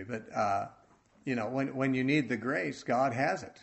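Man preaching, earnest, halting delivery, mid-pitched voice. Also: creaky, a little hiss or hum. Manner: earnest, halting, with many restarts. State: choked up with emotion. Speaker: Bible teacher. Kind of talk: sermon.

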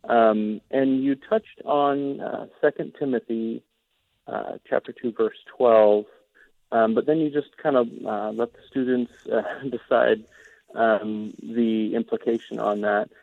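A man's voice: mid-range voice, fairly even intonation, a little slow, gravelly, no room sound. A man from Oregon calling into a radio show, asking a question hesitantly with many ums and uhs. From Oregon, USA. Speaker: caller. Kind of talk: call-in question. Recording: tinny dry phone line.

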